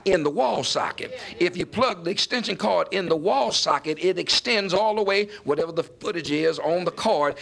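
Male preacher, emphatic sermon delivery, gravelly and a touch high-pitched. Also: a bit bright. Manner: emphatic, building to raised pitch on key points.

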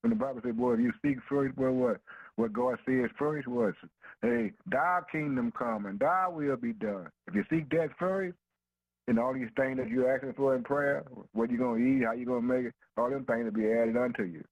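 A man's voice: medium pitch, fairly even intonation, fairly quick, dry recording, muffled recording. A man preaching a sermon in a rhythmic, emphatic way, asking himself "what?" and answering, and dropping "man" and "boy" between phrases in informal dialect. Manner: informal dialect speech with "ain't no".

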